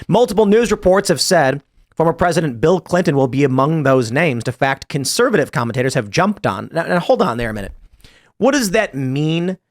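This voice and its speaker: Man podcast host, a touch high-pitched, sarcastic commentary over the news. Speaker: show host. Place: podcast studio.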